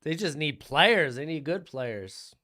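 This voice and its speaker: A man's voice: a little high, animated, slow pace, bright, forceful tone. A young man hosting a live stream, casually commenting on draft picks and answering his chat. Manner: chatty, answers chat questions, offhand opinions.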